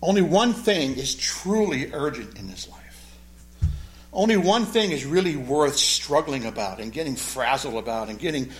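A man preaching a sermon with a joking, storytelling delivery and asides on the original Greek. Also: a little high. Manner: animated, joking storyteller who explains the Greek. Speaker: pastor.

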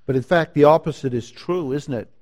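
A man preaching a sermon, slow and emphatic, rising to loud declarations and dropping to hushed lines. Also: a little high. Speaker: pastor.

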